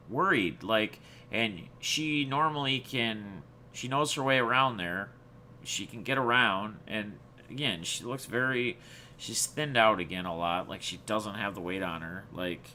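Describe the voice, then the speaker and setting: A man's voice: on the low side, sharp tone, slight background noise. A man hosting his own channel, telling viewers a personal story in a rambling, reflective way with many restarts. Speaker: channel host.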